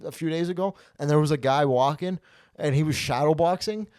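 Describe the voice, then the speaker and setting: A man's voice: fairly high pitch, a little fast, clear, resonant tone, dry recording, clean studio sound. A young man hosting a comedy podcast, telling rambling, profane stories in casual chat. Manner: rambling, profane, animated storytelling. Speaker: podcast host.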